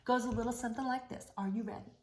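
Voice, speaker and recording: A woman reading picture books aloud to young children in an animated, sing-song way, chatting with her listeners between pages. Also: on the high side, rapid-fire. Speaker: children's story reader. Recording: roomy echo.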